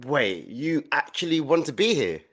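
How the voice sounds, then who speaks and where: A man playing a clueless, grumpy soldier in an audio comedy, blunt and gruff. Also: on the high side, sing-song, moderate pace, a bit bright, heavily acted. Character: dim, grumpy male soldier bunkmate.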